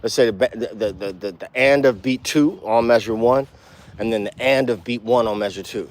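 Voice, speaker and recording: A man teaching bass in a casual walk-and-talk outdoors, talking blunt street slang with cursing and counting beats out loud. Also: normal speed, a little hiss or hum. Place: outdoors, walking.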